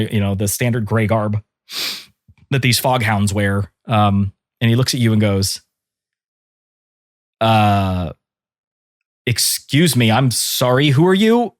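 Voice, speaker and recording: A man narrating as game master in a tabletop role-playing game, casual and quick, slipping briefly into character voices. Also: fairly low pitch, level tone, dry recording, studio quality.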